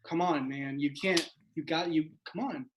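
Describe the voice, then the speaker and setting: An improv performer playing an easygoing young man who stammers while calming a friend. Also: mid-range voice, moderate pace, a little hiss or hum, close to an everyday voice. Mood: soothing. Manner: soothing, stammering, chummy. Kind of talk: improvised comedy scene.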